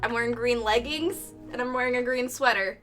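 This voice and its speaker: A woman's voice: fairly high pitch, fairly quick, fairly bright tone, soft background music. A young woman streaming live while painting, chatting casually, reading out chat messages with lots of fillers and little laughs.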